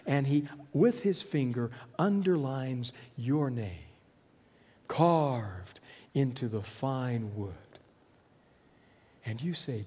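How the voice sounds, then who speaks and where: Man preaching slowly in a reverberant hall. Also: medium pitch, animated, slightly rough. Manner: storytelling, voicing quiet hushed lines for Jesus and the listener. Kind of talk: sermon with imagined dialogue.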